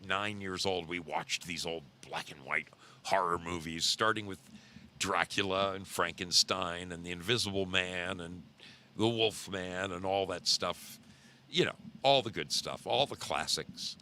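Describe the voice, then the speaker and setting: A middle-aged man hosting a podcast, telling a story casually in a low voice, rambling and repeating himself for emphasis. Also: measured pace, sharp tone, a little hiss or hum. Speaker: podcast host.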